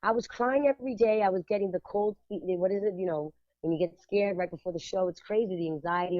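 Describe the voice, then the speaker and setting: A woman's voice: fairly low pitch, fairly quick, no echo. Emphatic lo-fi woman chatting on radio. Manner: lively and emphatic, laughs often, switches into Spanish phrases. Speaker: art show curator and radio co-host. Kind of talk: casual radio chat.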